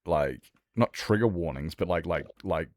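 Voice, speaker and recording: Young male streamer, deep voice, dry sound, loose candid sweary chat. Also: expressive, unhurried, no room sound. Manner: rambling, swears freely, candid. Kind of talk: casual livestream chat.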